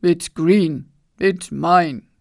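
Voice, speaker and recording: A woman's voice: fairly low pitch, extremely slow, vocal fry, dry recording, studio quality, exaggerated voice. A woman voicing a stubborn, sulky king in a storybook reading, giving short, curt replies.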